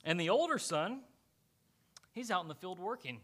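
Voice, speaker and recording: Animated preaching man, bright voice. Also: high-pitched, moderate pace. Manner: animated storytelling, acting out characters. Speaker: pastor. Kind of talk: sermon.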